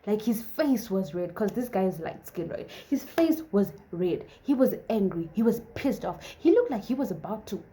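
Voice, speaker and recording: A woman's voice: a little high, very animated, normal speed, dark tone. A young woman in her twenties casually telling a personal story, chatty and full of fillers, acting out the dialogue. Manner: chatty, filler-heavy, acts out quoted dialogue. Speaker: vlogger.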